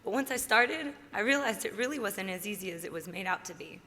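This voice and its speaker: A bright, forceful young woman in her twenties delivers an earnest acceptance speech from a podium. Her voice carries a long reverb through a large hall, with a faint murmur of background noise. She speaks with heartfelt conviction that lifts with excitement. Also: medium pitch, brisk. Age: 20s. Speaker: award winner giving an acceptance speech.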